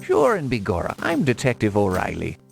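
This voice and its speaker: A patronizing Irish detective. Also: male voice, fairly low pitch, huge pitch swings, a little fast, vocal fry, music in the background, exaggerated voice. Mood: condescending. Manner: patronizing, drawling. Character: condescending Irish police detective, middle-aged man.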